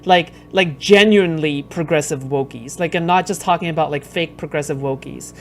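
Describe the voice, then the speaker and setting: A woman's voice: deep voice, moderate pace, a little hiss or hum. A woman streaming, reacting to clips in casual commentary, blunt and profane, rambling with lots of fillers.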